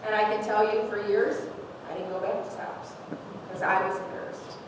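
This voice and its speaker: At a normal pace and in a steady, mid-range voice, a woman in her forties shares her testimony during a church service, emotional and laughing through tears. The sanctuary recording is noisy and reverberant, taken from a distant mic.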